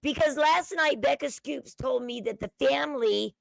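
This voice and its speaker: Chatty Southern woman, gravelly edge. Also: high voice, moderate pace, no echo, poor audio. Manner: chatty, sensitive, valley-girl talk. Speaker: livestream host. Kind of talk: casual livestream chat.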